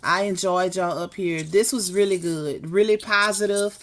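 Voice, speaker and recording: A woman's voice: on the low side, fairly even intonation, moderate pace. A woman hosting a livestream, signing off in a casual, chatty way, often repeating words as she thanks guests and viewers. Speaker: livestream host.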